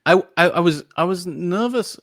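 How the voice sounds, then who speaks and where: A man's voice: high-pitched, expressive, normal speed, fairly bright tone, no echo, clean studio sound. A man guesting on a podcast, talking casually and at length, full of fillers and restarts as he searches for words. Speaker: podcast guest, dog trainer. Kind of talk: casual interview chat.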